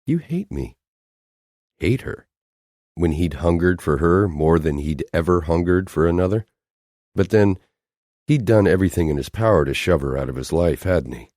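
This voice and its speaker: A man reading an audiobook as narrator, measured and dramatic, letting his phrases fall off at the ends. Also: low-pitched, a little mellow, no room sound, studio quality. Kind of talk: scripted narration.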